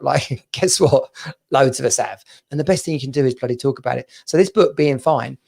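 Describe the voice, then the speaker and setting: Gravelly-voiced chatty man. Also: mid-range voice, quick pace, darkish tone. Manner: rambling, repeats words, laughs often. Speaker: podcast co-host. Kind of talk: casual chat.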